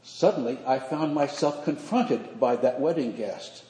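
An older man, a priest, preaching a sermon in measured, earnest phrases with slow emphatic pauses. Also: medium pitch, dark tone. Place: church sanctuary. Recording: echoey church hall.

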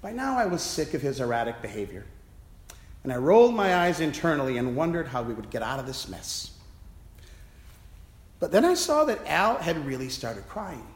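A man's voice: a little high, sing-song, moderate pace. A man, a priest, giving a reflective, story-telling sermon from the pulpit of a church. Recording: echoey church with long reverb.

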